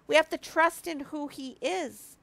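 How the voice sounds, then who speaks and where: Teary, slow-speaking woman in her fifties. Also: high voice, fairly even intonation, creaky, fairly bright tone, no room sound. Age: 50s. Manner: earnest and confessional, with halting restarts. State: teary, on the edge of crying. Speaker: marriage ministry speaker. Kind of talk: heartfelt devotional talk to viewers.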